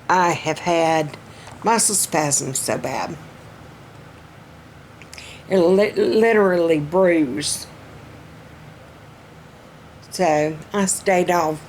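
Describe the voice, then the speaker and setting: A middle-aged woman with a warm Southern accent talks unhurriedly to her viewers, folksy and chatty, with many pauses and restarts. Her throat sounds strained as she goes on. A faint noise sits under the recording. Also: fairly low pitch. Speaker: vlogger. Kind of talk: casual personal update vlog.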